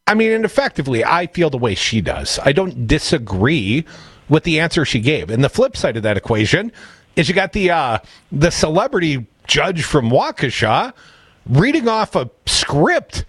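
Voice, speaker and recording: Animated, husky-voiced talk radio host. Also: male voice, a little high, moderate pace, no echo. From Madison, Wisconsin. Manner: animated, sarcastic, reads news aloud. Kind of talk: casual political talk radio.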